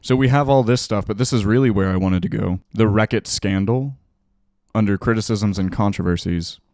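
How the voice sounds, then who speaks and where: Male streamer with a lowish voice, reading news aloud with sarcastic, profane asides; dry close sound. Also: moderate pace, a little mellow, no echo. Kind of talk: casual reaction commentary.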